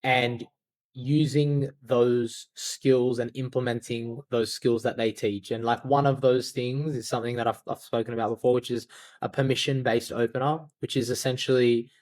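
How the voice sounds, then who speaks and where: A man's voice: mid-range voice, flat delivery, normal speed, a little mellow, no echo. A man speaking as a podcast guest, loose and candid, swearing now and then and leaning on "like" as he gives sales advice. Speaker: podcast guest, outbound sales agency founder. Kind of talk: casual interview talk.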